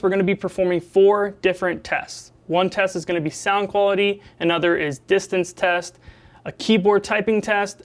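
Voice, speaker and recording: Upbeat man reviewing gear, higher voice. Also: fairly bright tone. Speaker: tech reviewer. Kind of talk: casual tech review.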